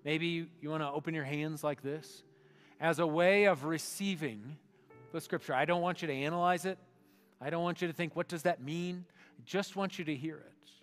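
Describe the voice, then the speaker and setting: A man preaching a sermon as pastor, reading slowly and meditatively and sinking to a hushed voice, in a church sanctuary. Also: a little high. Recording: long hall reverb with faint music.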